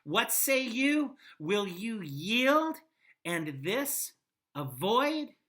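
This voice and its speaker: A woman reading a stern warrior king's threat to a besieged town, declaiming slowly and with menace. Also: a little high, sing-song, noisy background, pitched above the performer's own voice, exaggerated voice. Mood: menacing.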